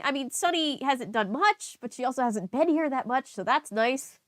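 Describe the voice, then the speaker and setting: A woman's voice: high-pitched, expressive, normal speed, hardly any pauses, no echo, clean studio sound. Chatty young woman reading aloud. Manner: chatty and candid, with casual asides. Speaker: booktuber. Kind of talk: reading a novel aloud with commentary.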